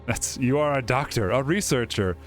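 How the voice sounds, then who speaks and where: Over faint background music, a young man casually reads a story game aloud in a let's-play, delivering it dramatically and breaking off for jokes. His voice sits at medium pitch, and he talks at a moderate pace.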